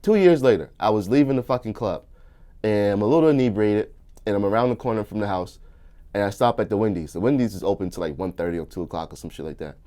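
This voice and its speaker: A young man telling a crude story in casual chat, animated and bursting into shouts and laughter. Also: fairly low pitch, quick pace. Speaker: comedian guest.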